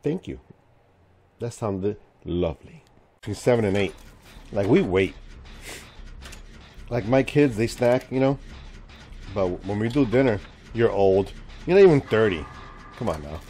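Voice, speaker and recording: A man's voice: lowish voice, a little slow, pauses often, slight background noise. A man in his forties chatting with his viewers and joking around as he streams a game. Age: 40s. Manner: chatty, jokey, talks to chat while playing; lively, swings from mumbling to loud exclamations. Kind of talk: live game stream chat.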